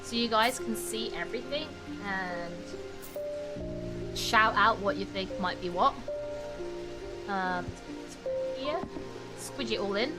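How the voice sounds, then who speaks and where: A woman's voice: medium pitch, takes it slowly, pauses often. A British woman chatting casually to her viewers while streaming a game. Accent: British English. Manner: chatty, talks to chat while playing. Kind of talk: casual live-stream chat. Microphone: desk mic with webcam. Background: game music.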